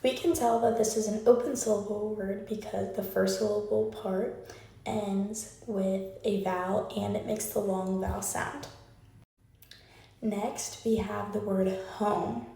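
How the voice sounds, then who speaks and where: A woman's voice: medium pitch, flat delivery, a little slow, vocal fry, mellow. Echoey, distant woman teaching phonics. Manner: patient, asks the listener questions and leads clap-along drills. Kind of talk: recorded phonics lesson. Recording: very echoey room, voice far from the mic.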